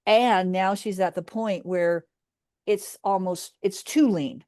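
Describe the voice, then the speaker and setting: A woman's voice: mid-range voice, takes it slowly, a little mellow, no room sound, clean studio sound. A woman business coach chatting casually, retelling a client call and playing out both sides with frequent restarts. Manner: storytelling, acting out a client's words, many restarts. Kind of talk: casual chat.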